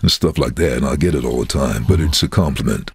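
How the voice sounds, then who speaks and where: A middle-aged man with a very deep, booming voice, telling stories in an interview in an animated, chuckling way. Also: fast talker, husky, dry recording, studio quality. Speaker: voice-over artist, interviewee. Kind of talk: casual storytelling in an interview.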